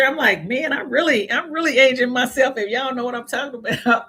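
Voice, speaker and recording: This middle-aged Indiana woman, a natural hair YouTuber, hosts a livestream and chats casually with her viewers, rambling along, dropping Southern sayings, and often laughing at herself. Her voice sits high and comes out brisk, pushed, bright and husky, with an Indiana accent.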